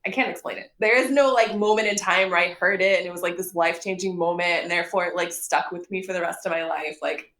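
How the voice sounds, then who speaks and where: A woman's voice: on the low side, fast talker, hardly any pauses, a bit bright. A woman guest on a podcast, chatting casually, laughing often and speaking emphatically. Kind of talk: casual chat. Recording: roomy echo.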